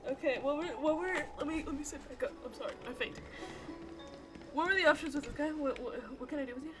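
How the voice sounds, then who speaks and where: A woman's voice: high voice, fast talker, over music. A young woman streaming a game, reacting nervously, swearing and laughing. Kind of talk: live gameplay commentary.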